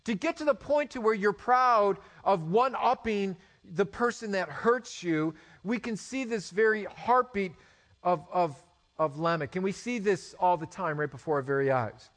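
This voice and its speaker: A man in his forties preaching a sermon, animated, with rhetorical questions and stammered restarts. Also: sits high, moderate pace. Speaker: pastor.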